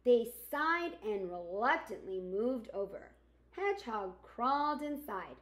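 A woman teacher reading a picture book aloud to young children, expressive and asking her listeners questions. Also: fairly high pitch, slow pace. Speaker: kindergarten teacher. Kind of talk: storybook read-aloud for children.

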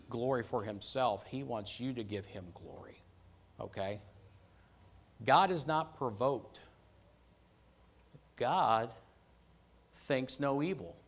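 A man's voice: mid-range voice, gravelly. A man preaching a sermon in a conversational way, stressing and repeating key phrases and often checking in with "right?" and "okay?".

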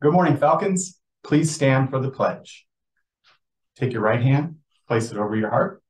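A man's voice: mid-range voice, animated, unhurried. A man greeting students and leading the pledge with short instructions. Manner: brief, directive instructions. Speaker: school announcer leading the pledge. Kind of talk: school announcement. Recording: roomy sound from a distance.

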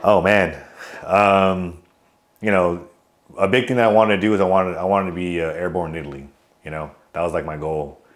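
Very low-voiced outgoing veteran man. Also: fairly even intonation, moderate pace. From California. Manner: loose, rambling, with many fillers and restarts; outgoing joker telling stories. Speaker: army veteran guest. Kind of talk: casual interview storytelling.

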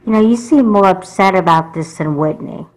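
Woman voicing a firm, calm mother. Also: medium pitch, normal speed, natural voice, low-quality recording. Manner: calm, scolding, patient. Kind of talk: doll movie voice acting.

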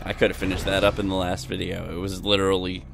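A man's voice: low voice, completely flat delivery, fast talker, gravelly, background noise. A young man giving wry, chatty commentary over a game he is playing, talking back to the characters on screen. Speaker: gameplay commentator. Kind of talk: let's play commentary.

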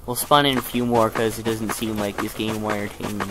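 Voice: mid-range voice, flat delivery, a little fast, background noise. A gamer giving jokey let's play commentary who keeps bursting into panicked screaming. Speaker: gameplay video creator.

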